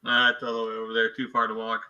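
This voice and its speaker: A man with a very bright, slightly raised voice gives dry, deadpan comebacks in a relaxed chat. His sound is dull and lo-fi. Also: medium pitch, fast. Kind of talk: casual chat.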